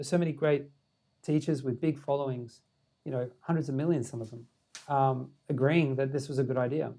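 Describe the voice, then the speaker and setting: A man who is a meditation teacher, telling a story as a podcast guest in an animated way, laughing often. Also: a little high. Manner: animated, many fillers and restarts, laughing often.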